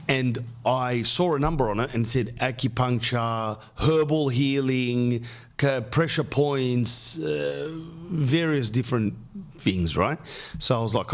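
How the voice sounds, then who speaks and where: A middle-aged man with an Australian accent, hosting a podcast and telling a long, rambling story full of jokes and quick lists. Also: mid-range voice. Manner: rambling, jokey, riffs on lists. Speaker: podcast host. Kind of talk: casual storytelling monologue.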